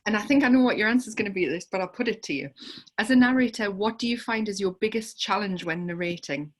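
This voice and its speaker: A woman's voice: medium pitch, fast. A woman hosting a book launch event, introducing guests in a chatty, light, joking way. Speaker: host.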